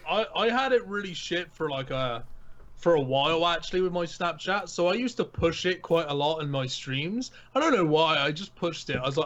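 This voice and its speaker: Male podcast guest, rambling and relaxed, dull line. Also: a little high, brisk. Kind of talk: casual podcast chat.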